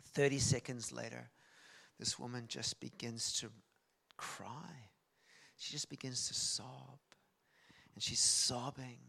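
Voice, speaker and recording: A man, a guest preacher telling a story in a sermon, animated and swinging from soft to loud. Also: medium pitch, vocal fry.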